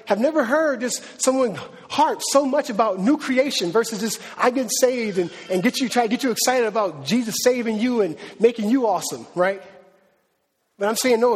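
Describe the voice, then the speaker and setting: A man preaching to his congregation, loose and conversational, tossing in slang as he walks through the scripture. His voice sits high and a little husky. The sound rings with the long reverb of a large hall. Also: expressive, normal speed. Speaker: pastor. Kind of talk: sermon.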